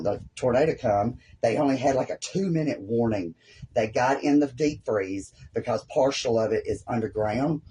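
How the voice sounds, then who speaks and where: A man's voice: fairly low pitch, dark tone, breathy edge. A man with a Southern US accent hosting a live craft tutorial at home, rambling and folksy as he works. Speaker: craft host.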